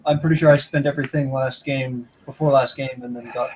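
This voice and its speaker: A man's voice: mid-range voice, fairly even intonation, fairly quick, a little mellow, slight background noise, low-quality recording. A man in casual chat on a video call with his game group, dry and wisecracking. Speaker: player.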